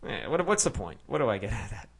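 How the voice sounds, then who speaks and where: A man's voice: fairly low pitch, very animated, fast, vocal fry, over a noisy crowd. A man co-hosting a podcast who tells a long story in casual chat, rambling with plenty of fillers and restarts. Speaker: podcast co-host.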